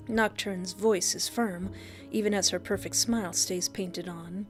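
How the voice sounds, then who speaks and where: Excitable woman reading a visual novel aloud. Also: mid-range voice, a little slow. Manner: excitable, gushing asides. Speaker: streamer. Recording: background game music.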